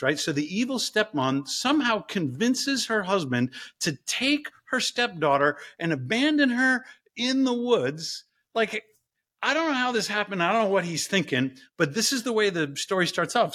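A man, a professor, telling stories as a guest in an interview in an animated, playful way. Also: sits high.

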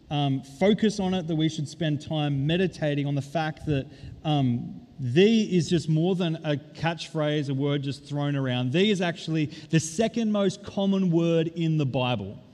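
A man preaching a sermon as pastor, stressing key words and drawing them out slowly. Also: a little high, warm tone. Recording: long reverb of a large hall.

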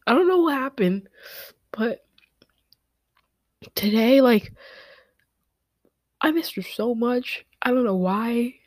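A young woman hosting a podcast, talking through tears in a halting confessional monologue and often dropping to a whisper. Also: on the high side, animated, a little mellow, dry recording, studio quality. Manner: tearful, halting, many fillers, often drops to a whisper. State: crying. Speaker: podcast host.

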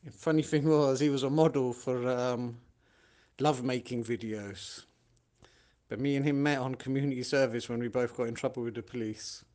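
A man from tells his own stories in an easygoing, conversational way. His voice sits at an ordinary middle pitch, and he gets lively whenever he acts out what someone else said. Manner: animated, acts out other people's lines. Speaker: podcast host telling his own stories. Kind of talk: casual storytelling monologue.

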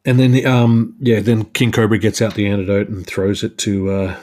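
A man's voice: on the low side, flat delivery, moderate pace, a little mellow. A man hosting a solo podcast, chatting casually about a comic book with lots of fillers and restarts. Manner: rambling, many fillers and restarts. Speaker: podcast host.

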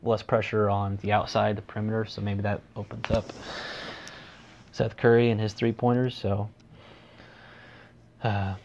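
A man's voice: lowish voice, little pitch movement, measured pace, gravelly, pauses often, darkish tone, highs cut off, slight background noise. A man hosting a solo sports podcast, talking casually and rambling, with dry sarcasm. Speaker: podcast host.

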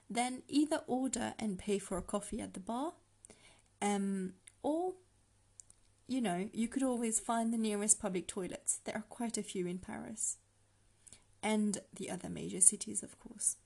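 A woman teaching a language lesson on a podcast, patient and slow, breaking phrases down for the listener to repeat. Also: medium pitch, creaky, dark tone.

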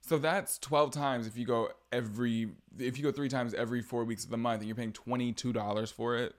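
A man's voice: medium pitch, fairly even intonation, brisk. A young man hosting a casual solo podcast, chatty and gossipy with sarcastic jabs. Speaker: podcast host.

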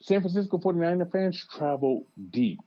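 A man's voice: high-pitched, normal speed. A man chatting on a podcast, telling travel stories with lots of swearing and restarts. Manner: profane, animated storytelling with many restarts. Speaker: podcast co-host. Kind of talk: casual chat. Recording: dull lo-fi sound.

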